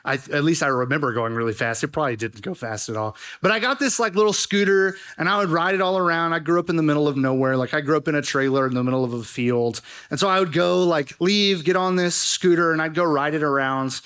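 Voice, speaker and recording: A young man preaching a youth sermon, telling stories in a joking, animated way with lots of fillers. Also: on the high side, quick pace, few pauses, clear, resonant tone. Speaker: youth pastor. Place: church youth service.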